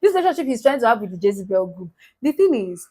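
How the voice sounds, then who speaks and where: A woman, co-hosting a casual recap chat, animated and quick to laugh. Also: a little high, husky. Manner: animated, laughs often, acts out quotes in a raised voice. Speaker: podcast co-host.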